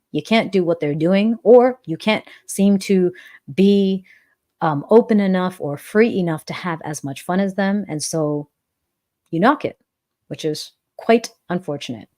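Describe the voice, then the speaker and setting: A woman in her forties who teaches dance hosts a live-stream Q&A, replying to chat comments earnestly and reflectively and often repeating phrases for emphasis. Her voice is fairly low and darkish, animated, at a normal pace.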